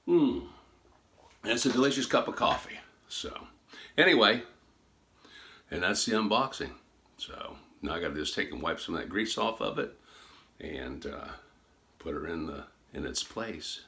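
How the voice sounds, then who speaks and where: A man's voice: deep voice, very animated, normal speed, pauses often, sharp tone. A man chatting casually as he unboxes on a phone, folksy and rambling, with many fillers and restarts. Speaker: gun hobby vlogger.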